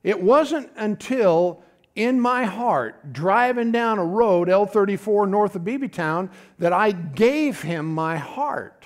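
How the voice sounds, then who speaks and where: A man's voice: high-pitched, lively intonation, takes it slowly. A middle-aged man preaching a folksy, conversational sermon, often calling out to his congregation.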